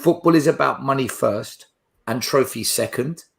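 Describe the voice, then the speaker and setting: A man's voice: mid-range voice, normal speed, gravelly. Argumentative male podcast guest. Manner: argumentative, stammers when starting. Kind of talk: casual fan podcast chat.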